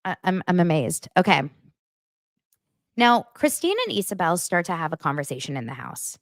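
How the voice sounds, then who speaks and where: A woman's voice: lowish voice, sing-song, moderate pace, no echo, clean studio sound. A woman hosting a podcast, giving a chatty, gossipy recap of a reality TV show with blunt opinions. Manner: chatty and gossipy, heavy use of "like"; blunt and judgmental. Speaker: podcast host.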